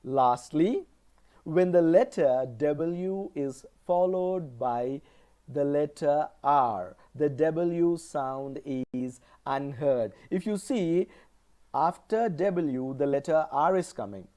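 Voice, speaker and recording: A male college lecturer from India gives a pronunciation lesson, deliberately repeating example words one at a time. His voice is fairly high and warm.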